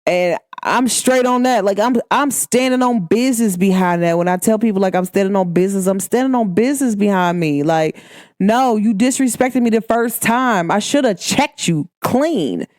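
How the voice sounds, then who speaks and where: A woman's voice: medium pitch, moderate pace, darkish tone, no echo. Young woman from Cincinnati, midwestern accent, podcast host, emphatic slangy monologue, close dry recording. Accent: American, Midwestern. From Cincinnati, Ohio, USA. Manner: candid, emphatic, slangy storytelling. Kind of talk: casual monologue.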